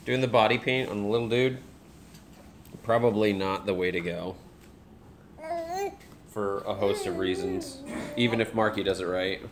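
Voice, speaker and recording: A man's voice: fairly low pitch, fairly even intonation, moderate pace, long pauses, background noise. A young man, a dad, joking casually with a live stream chat while talking to his baby.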